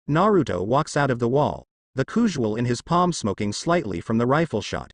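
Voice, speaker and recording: A man narrating fan fiction in a steady storytelling read. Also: medium pitch, moderate pace, dry recording, clean studio sound.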